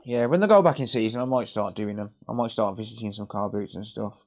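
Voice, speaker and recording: A man's voice: fairly low pitch, fast talker, darkish tone. A British man hosting a live repair stream, rambling in casual chat, swearing and laughing a lot.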